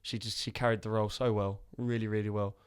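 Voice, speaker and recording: A man's voice: lowish voice, flat delivery, fast, clear, resonant tone. A man co-hosting a casual film podcast, retelling scenes and acting out the lines. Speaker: podcast co-host. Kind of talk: casual film review chat.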